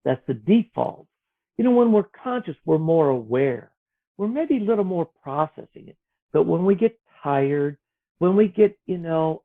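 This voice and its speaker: A man speaks gently and earnestly about faith, his fairly high voice rising and falling in lively swings. He sometimes acts out the voices in his head. The sound is thin and tinny, like a phone line. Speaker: author guest. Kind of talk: reflective spiritual conversation.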